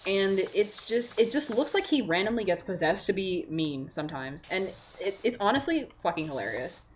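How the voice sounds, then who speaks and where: A woman's voice: mid-range voice, moderate pace, a little hiss or hum. A young woman ranting casually and with heavy swearing, full of "like" fillers, while she plays a game at her desk. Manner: animated, profane, rants with filler "like". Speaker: vlogger. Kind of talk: casual rant.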